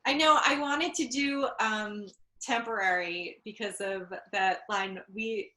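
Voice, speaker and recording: A woman's voice: mid-range voice, slow pace, pushed and bright, roomy sound. A woman hosting a casual online spelling bee, rambling and giggling between words. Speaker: quiz host.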